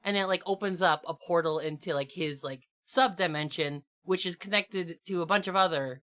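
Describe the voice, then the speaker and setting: Enthusiastic lower-voiced woman podcaster. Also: normal speed, a bit bright. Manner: enthusiastic, lots of fillers like "like". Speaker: podcast co-host and game master. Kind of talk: casual chat.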